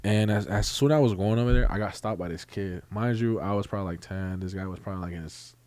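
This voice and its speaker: A young man, co-hosting a casual podcast and telling stories in an animated way, with loud bursts when acting out scenes. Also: fairly low pitch, quick pace, no echo. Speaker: podcast co-host. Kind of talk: casual chat.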